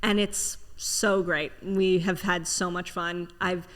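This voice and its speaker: A woman's voice: lowish voice, level tone, a bit bright. Playful young woman guest, chatty. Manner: upbeat, playful, quick to laugh. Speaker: guest, author and actress. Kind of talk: casual interview chat. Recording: long reverb.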